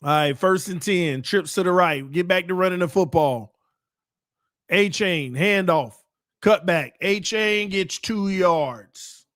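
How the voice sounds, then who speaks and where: A man calls a football game play by play for his fan show's watch party. His voice sits a little high, and the sound is dry and close. He gets excitable and talks straight to the players as the plays unfold. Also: takes it slowly, no room sound. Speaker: fan show host.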